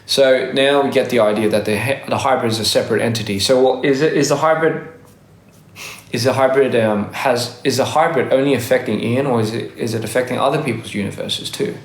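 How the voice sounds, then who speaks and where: A man's voice: medium pitch, brisk. Young guy with a faded australian accent rambling on a phone livestream, restarts a lot, echoey room. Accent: Australian, worn down by years in Korea and America. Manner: rambling, self-correcting, laughs often. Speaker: livestream host. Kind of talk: casual livestream chat reading comments. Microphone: phone livestream mic.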